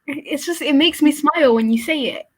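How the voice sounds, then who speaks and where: A woman's voice: high voice, moderate pace, poor audio. A woman co-hosting a casual chat, giggly and affectionate, sometimes tripping over her words. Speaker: podcast co-host.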